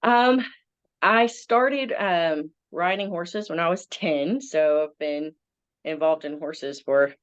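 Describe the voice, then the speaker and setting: A woman's voice: fairly low pitch, slow pace, clean tone, dry recording, muffled recording. A woman in her thirties with a Southern American accent, chatting as a veterinarian guest with many ums. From Southern United States. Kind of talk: casual interview.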